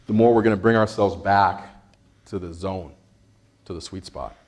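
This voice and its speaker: A man presenting an interactive workshop, energetic, quizzing the audience and laughing often. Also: low-pitched, normal speed. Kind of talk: interactive stress-management workshop.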